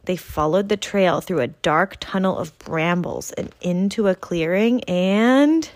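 A woman reading a children's picture book aloud in an expressive storytelling voice. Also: lowish voice, a little slow. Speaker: reader.

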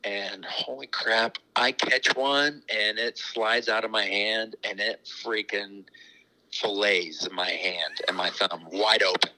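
A man's voice: lowish voice, fairly even intonation, takes it slowly, bright, forceful tone, low-quality recording. A middle-aged man, a racetrack owner, telling rambling, chuckling stories in a casual interview. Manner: rambling, chuckling anecdotes with many restarts.

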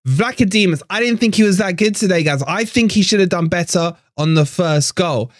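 Fan stream host, man, annoyed and sweary, higher voice, dry close mic. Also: brisk, no room sound. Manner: frustrated, swearing, repeats himself. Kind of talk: live stream rant.

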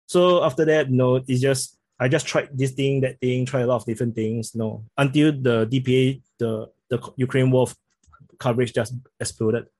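A man with a Singaporean accent talks casually as a podcast guest, his voice somewhat husky. He often restarts and repeats words as he gets going. The sound is dry and close, with no room echo. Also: medium pitch, steady tone, darkish tone. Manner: halting, repeats words when starting sentences. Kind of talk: casual interview chat.

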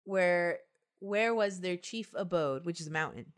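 A woman's voice: on the low side, a little slow, smooth. Woman reading folklore on a podcast. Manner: playful, laughs often. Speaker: podcast host. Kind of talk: reading folklore aloud in casual chat.

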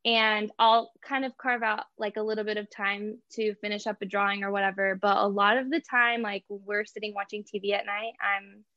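A woman's voice: medium pitch, little pitch movement, normal speed, hardly any pauses, no echo, highs cut off. A young woman, an artist and small business owner, chatting casually as an interview guest, laughing often and filling with "like" and "you know".

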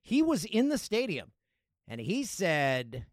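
A man hosting his own podcast, chatting casually and riffing on news stories and listener emails with a joking, animated manner. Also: high-pitched, slow pace, no room sound, studio quality. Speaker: podcast host. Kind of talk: casual solo podcast chat.

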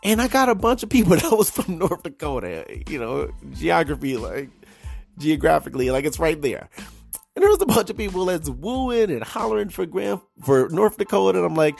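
A man's voice: on the high side, sing-song, moderate pace, vocal fry, soft background music. A young adult man hosting a podcast, telling a story casually, laughing often and restarting his sentences. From United States. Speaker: podcast host.

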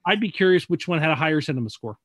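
A man co-hosting a casual podcast, dry and contrarian as he argues his points. His pitch rises and falls widely, and the recording is dry and close, with no room sound. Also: lively intonation, racing, a bit bright, no room sound. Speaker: podcast co-host. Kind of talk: casual chat.

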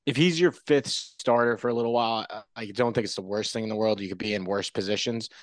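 A man's voice: lowish voice, quick pace, dry recording. A man appearing as a podcast guest, talking baseball in a tentative, hedging way. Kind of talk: casual sports chat.

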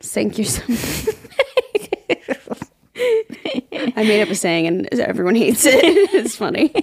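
A woman's voice: medium pitch, sing-song, unhurried, slightly rough, dry recording, clean studio sound. A woman co-hosting a podcast in casual chat, giggly and chatty as she reads out trivia. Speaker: podcast co-host.

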